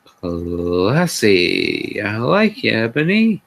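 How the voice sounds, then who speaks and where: A man's voice: fairly low pitch, huge pitch swings, drawn-out words, gravelly. A man hosting a sarcastic comedic live reading, with exasperated sighs and asides. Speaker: host reading a fan fiction aloud.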